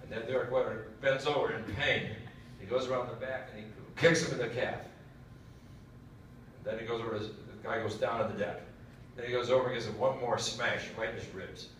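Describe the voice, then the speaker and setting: A man's voice: lowish voice, fairly bright tone, slight background noise. Folksy man telling a joke in a hall. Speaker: speaker at a military education session. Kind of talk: storytelling lecture. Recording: echoey hall from far off.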